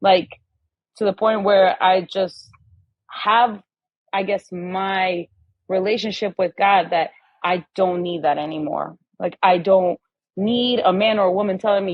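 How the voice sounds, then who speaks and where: A woman's voice: mid-range voice, fairly even intonation, unhurried, no room sound, dull audio. A woman guest on a podcast in casual conversation, telling stories animatedly and acting out the voices of the people in them.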